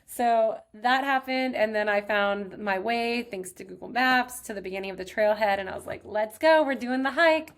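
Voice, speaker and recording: A woman's voice: on the high side, moderate pace, hardly any pauses. Chatty woman from Texas telling a story. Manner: chatty, heavy use of "like". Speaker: podcast host. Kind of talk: casual storytelling.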